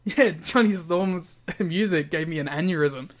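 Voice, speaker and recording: A man's voice: on the high side, a little slow. Giggly man in casual wrestling chat. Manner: giggly, blunt, swears casually. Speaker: podcast co-host.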